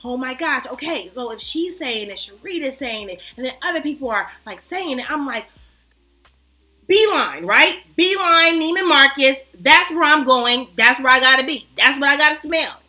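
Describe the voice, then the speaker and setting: A woman fragrance vlogger chatting casually to her viewers, animated and self-mocking. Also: sits high, normal speed, faint music behind. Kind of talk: casual chat to camera.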